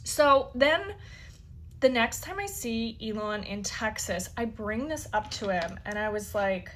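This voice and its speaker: Female interview guest, higher register, loose conversational storyteller, lots of filler words and profanity. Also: lively intonation, unhurried, fairly bright tone, slight background noise. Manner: chatty, heavy use of "like" fillers, swears freely. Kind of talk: casual storytelling.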